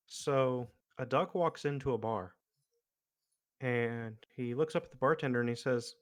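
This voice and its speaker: A man's voice: medium pitch, moderate pace. Rambling man telling jokes while gaming. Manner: rambling joke-teller with many fillers. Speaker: streamer. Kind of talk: casual gaming chat.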